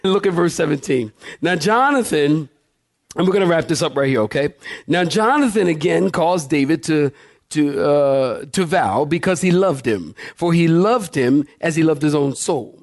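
Guy preaching, reads the bible verses then chats a bit in between, kinda high voice. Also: lively intonation, moderate pace. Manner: reads verses, then breaks off for folksy asides. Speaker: pastor. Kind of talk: sermon, reading scripture aloud.

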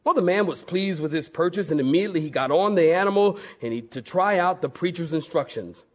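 High-voiced animated preacher. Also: male voice, fairly quick. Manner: animated, jokey storytelling. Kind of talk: sermon.

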